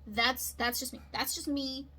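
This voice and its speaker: A woman's voice: sits high, steady tone, a little slow, pushed and bright, slight background noise, rough recording. A woman talking through a literary analysis in a casual, chatty way, often checking in with "right?" and "okay?". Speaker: video essayist.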